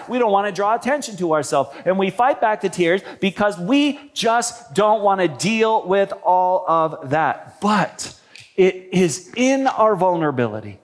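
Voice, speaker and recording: A male pastor delivers a sermon in a church. His high voice swings widely in pitch, and his talk stays conversational, with wry humorous asides.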